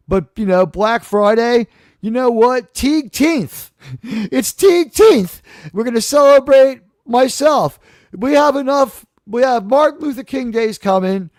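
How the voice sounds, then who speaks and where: A man's voice: sits high, no room sound, studio quality. A man hosting a live talk stream, rambling and sarcastic, from New York. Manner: sarcastic, rambling, shifts loud and soft. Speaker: live show host. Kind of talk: casual livestream monologue.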